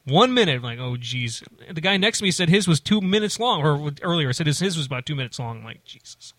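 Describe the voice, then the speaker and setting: A man with a bright, forceful voice tells a casual story in a dry, close-sounding room. He rambles and restarts, slipping into quick voices for the people he quotes. His pitch sits a little high for a man. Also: no echo. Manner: rambling, animated, many restarts and acted-out quotes.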